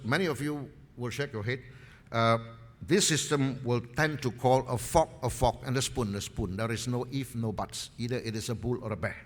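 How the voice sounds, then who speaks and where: Guy in his 50s giving a seminar talk, repeats his points for emphasis, long hall echo. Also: mid-range voice. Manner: emphatic, repeats key phrases. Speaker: seminar speaker. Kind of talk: market presentation with anecdotes.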